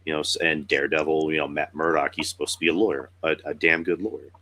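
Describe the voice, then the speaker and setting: A man's voice: extremely low pitch, fairly even intonation, quick pace, sharp tone. A young man with a cold hosting a podcast in casual chat, talking in a loose, rambling way and swearing now and then. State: sick with a cold, rough voice. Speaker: podcast host.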